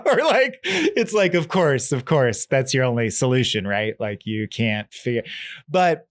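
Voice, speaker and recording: Animated man recapping a film. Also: mid-range voice, unhurried, dry recording. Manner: animated, acts out characters' lines while recapping. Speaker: podcast co-host. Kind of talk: casual film discussion.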